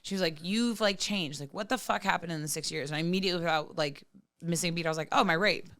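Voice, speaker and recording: A woman's voice: lowish voice, fast, fairly bright tone, dry recording, studio quality. A woman in her thirties talking candidly and profanely as a podcast guest, full of "like" fillers. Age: 30s. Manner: frank, profane, many "like" fillers. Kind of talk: candid casual chat.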